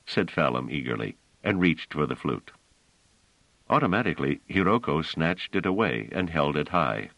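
A man narrating an audiobook in a measured, expressive storytelling manner. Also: extremely low pitch, creaky, dry recording, lo-fi sound.

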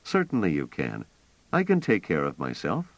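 A man voicing a blunt, direct younger man who is impatient but trying to stay calm. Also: deep voice, moderate pace, no echo, lo-fi sound. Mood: wry. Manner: direct, terse.

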